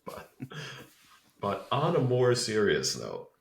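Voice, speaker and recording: A man's voice: on the low side, huge pitch swings, slow pace, vocal fry. A man hosting a podcast, joking around and then steering the talk back to the topic. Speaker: podcast host. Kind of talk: casual podcast chat. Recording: roomy echo.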